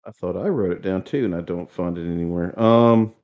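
Lower-voiced man running a tabletop game. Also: lo-fi sound. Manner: halting, searching descriptions. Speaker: game master. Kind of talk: narrating a tabletop horror game.

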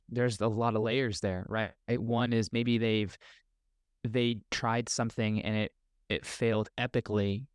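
A man's voice: lowish voice, clean tone, no room sound, studio quality. A young man telling his story as a podcast guest, earnest and reflective, often restarting his sentences. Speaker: podcast guest, speaker and coach. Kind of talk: casual interview storytelling.

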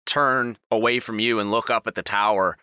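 Bright-voiced male game master. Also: fairly low pitch, fairly even intonation, normal speed, smooth, dry recording. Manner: describes scenes, voices the goblins. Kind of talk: narrating a tabletop game.

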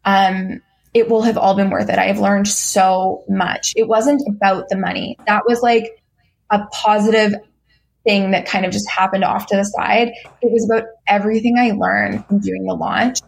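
Young woman on a podcast, earnest, lots of ums, bit of vocal fry. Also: mid-range voice, fairly even intonation, normal speed, a little hiss or hum. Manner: earnest, frequent ums and restarts. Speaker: podcast guest, course creator. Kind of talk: casual podcast conversation.

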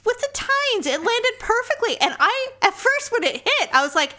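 A woman's voice: extremely high pitch, a little fast, hardly any pauses, a little hiss or hum. A middle-aged woman co-hosting a podcast, telling stories in casual chat, acting out quotes and swearing freely. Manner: animated storyteller, acts out quotes, swears freely. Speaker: podcast co-host.

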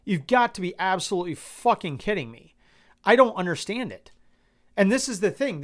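A man hosting a personal podcast, speaking in exasperated, incredulous tones, swearing often and restarting his sentences. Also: high voice. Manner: incredulous rhetorical questions. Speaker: podcast host.

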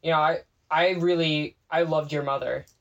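A woman co-hosting a podcast in casual chat, with dry, deadpan jokes. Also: sits low, normal speed, distant mic, lo-fi sound. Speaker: podcast co-host.

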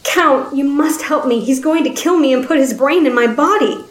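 Casting: woman doing a frantic wounded young man, pitched high, desperate begging, echoey room. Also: normal speed, lightly acted. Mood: desperate pleading. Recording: roomy echo.

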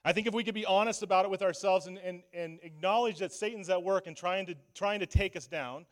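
A man with a high voice preaches a sermon as a pastor. He drops to a near hush and then climbs back up to loud, urgent calls. His delivery slows and stretches on key phrases. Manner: preaching with wide swings from hushed to loud.

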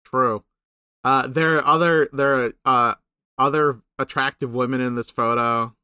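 A young man co-hosting a podcast, recapping a video game in casual, rambling chat with swearing and quick asides. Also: mid-range voice, steady tone, pushed and bright, smooth, no room sound, clean studio sound. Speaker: podcast co-host.

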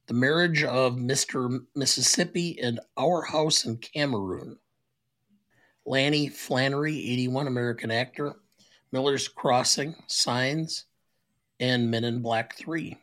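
A man's voice: medium pitch, measured pace, a bit bright. An older man co-hosting a movie podcast with his son, reading names plainly and chatting casually. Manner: plain, reads memorial list steadily. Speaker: podcast co-host.

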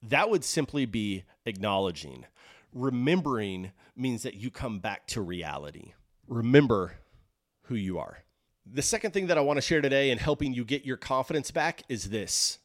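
A man's voice: medium pitch, big pitch swings, no room sound, clean studio sound. Earnest man giving a motivational talk. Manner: earnest, emphatic, builds through repeated rhetorical questions; reads scripture aloud in a measured cadence. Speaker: host of a leadership podcast. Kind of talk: faith-based motivational talk.

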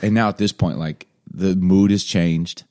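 A man's voice: deep voice, fairly even intonation, measured pace, warm tone. A man co-hosting a casual chat, telling stories loosely and leaning on filler words. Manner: loose, rambling storyteller, heavy on "like". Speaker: podcast co-host, father.

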